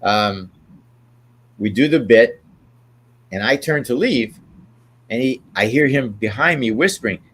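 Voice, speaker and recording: A man's voice: mid-range voice, expressive, a little slow, long pauses, a bit bright, slight background noise. An older man, an interview guest, telling rambling show-business stories and checking in with "right?" as he goes. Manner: rambling, tags remarks with "right?". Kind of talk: anecdotal storytelling.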